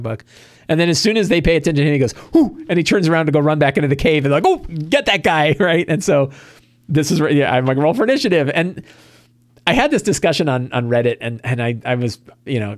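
A man hosting a relaxed game-master prep talk, retelling a tabletop session with lively, scattered energy. His voice sits at an ordinary mid pitch and sounds close and dry, with no room around it. He stumbles over restarts and often slips into quick impressions of his players. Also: no room sound. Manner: animated storytelling, acting out players' lines, frequent restarts. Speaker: host giving game-master prep advice. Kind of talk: casual spoken prep talk.

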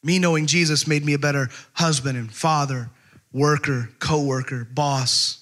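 A man preaching a casual, conversational sermon, telling a personal story with lots of fillers and animated asides. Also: on the high side, moderate pace. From California. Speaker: pastor.

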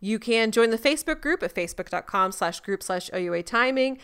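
A woman co-hosting a podcast, chatting casually and sincerely with her co-host and reading out listener shout-outs. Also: a little high, animated, brisk, clear, resonant tone. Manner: warm, sincere, a little emotional.

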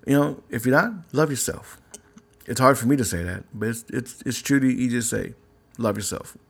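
A man's voice: medium pitch, fairly quick, gravelly, husky. A married man hosting his own podcast, talking earnestly and a little preachily about anger and faith, often repeating himself and asking questions. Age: adult, married. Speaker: podcast host. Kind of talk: casual faith-based talk.

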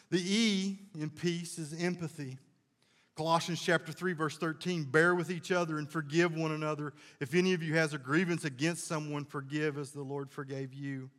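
A male pastor delivering a sermon in a chatty, down-home storytelling manner, his voice sitting a bit higher than most men's. He talks to the congregation plainly and often backs up to restart a thought. The sound carries a long reverb from the church hall. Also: fairly bright tone. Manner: folksy storytelling, conversational with restarts.

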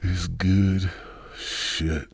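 A man's voice: deep voice, little pitch movement, extremely slow, gravelly, breathy edge. A man hosting a podcast in a rambling, crude, goofy monologue full of swearing. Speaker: podcast host.

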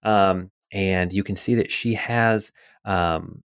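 A man narrating a tabletop game as game master, relaxed, with many fillers. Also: low voice, takes it slowly, smooth, no room sound, clean studio sound.

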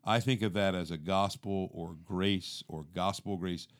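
A man co-hosting a faith podcast, explaining scripture in a casual, animated way and acting out everyday inner thoughts. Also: deep voice, unhurried. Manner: animated, acts out inner monologue; calls listener "dude". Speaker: podcast co-host. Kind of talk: conversational teaching.

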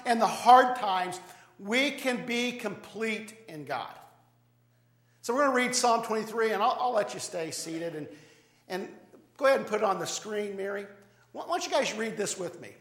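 Pastor guy with a high voice giving a sermon, chatty, keeps restarting his words, echoey church. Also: fairly bright tone. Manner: conversational preaching, frequent repeated words and restarts. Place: church sanctuary.

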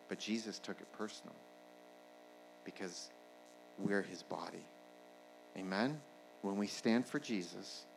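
A male pastor preaching a sermon, rising to shouts at the peaks and asking the congregation "Amen?" along the way. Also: on the low side, low-quality recording.

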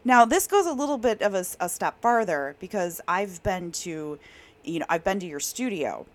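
A woman's voice: fairly low pitch, animated, normal speed. A woman hosting an HR podcast who reacts with enthusiasm and laughs readily. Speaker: HR podcast host. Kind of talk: casual interview chat.

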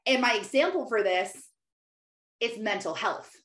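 A woman's voice: on the high side, expressive, measured pace, a bit bright. A middle-aged woman giving earnest devotional teaching, exhorting listeners between loose asides. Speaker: Christian teacher. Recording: roomy echo.

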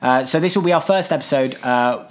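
A man's voice: medium pitch, brisk. A man co-hosting a comedy podcast, chatting casually with playful, swearing banter. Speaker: podcast co-host.

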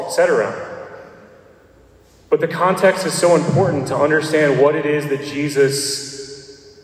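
A priest from Nashville giving a sermon, casual and joking, with many fillers. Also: male voice, on the high side, normal speed, pauses often. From Nashville, Tennessee. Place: church. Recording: echoey church hall.

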